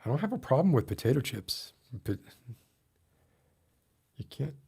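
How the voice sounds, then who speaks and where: A man's voice: mid-range voice, big pitch swings, quick pace, gravelly, a little mellow, breathy edge. A man streaming and chatting casually, ranting with mock outrage and laughing at himself. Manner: rants with mock outrage, voice rising when worked up. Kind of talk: casual chat with a live audience.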